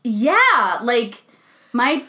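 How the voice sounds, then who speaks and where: A young woman co-hosting a podcast, with a high voice that leaps up and down as she tells a story. She chats casually and laughs easily, acting out what other people said. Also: drawn-out words. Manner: animated, laughs often, acts out quotes. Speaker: podcast co-host. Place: recording studio.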